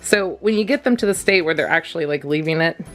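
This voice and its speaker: A woman's voice: low voice, animated, fast talker, faint music behind. A woman giving a casual dog-training vlog lesson, chatty and laughing often as she coos praise at her dogs.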